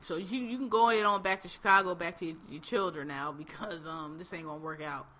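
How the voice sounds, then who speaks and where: A woman's voice: lowish voice, fast, fairly bright tone. A woman hosting a podcast, recapping reality TV in a blunt, laughing, slang-heavy casual chat. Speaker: podcast host.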